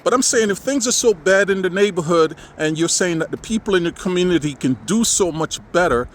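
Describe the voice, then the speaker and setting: A high-pitched, animated man talks a little fast in his casual outdoor vlog, sarcastic and rambling, with "man" coming up often. He moves through windy streets and drives around town as wind and passing cars sound in the background.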